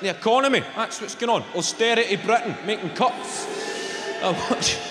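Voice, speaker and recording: Glaswegian stand-up comedian in a hall. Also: male voice, high voice, fairly quick, music in the background. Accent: Scottish, Glaswegian. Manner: swearing, crowd banter, animated impressions. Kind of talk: stand-up routine. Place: large indoor comedy venue. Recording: echoey live venue, loud audience noise. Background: audience laughter.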